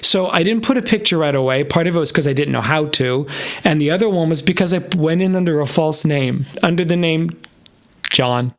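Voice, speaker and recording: A man's voice: a little high, brisk. A man in his fifties, a pastor, earnestly and emotionally telling his personal story in an interview. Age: 50s. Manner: earnest, openly emotional, animated retelling. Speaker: guest, pastor.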